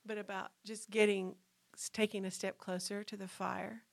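A woman co-host of a faith podcast speaks in a mid-pitched voice with a noticeable gravelly fry. She reflects earnestly and quotes scripture as she talks. The recording is dry and close. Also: little pitch movement, normal speed, no room sound.

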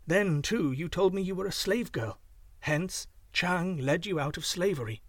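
A man playing a gentle, soothing young gentleman. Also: sits high, animated, a little slow, dry recording, studio quality, exaggerated voice. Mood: explaining. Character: kindly young man, formerly a cursed miser.

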